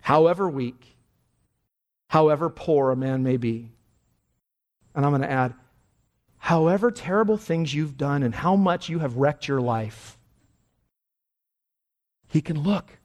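A man preaching with fervent conviction in a fairly high voice. He drives his points home by repeating short phrases and climbing to emphatic cries. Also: unhurried, long pauses. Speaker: pastor. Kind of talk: sermon.

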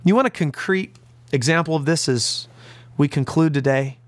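A man's voice: moderate pace, no room sound. An American man, a pastor, delivering an earnest, emphatic radio sermon. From United States. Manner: earnest, emphatic preaching with big pitch swings.

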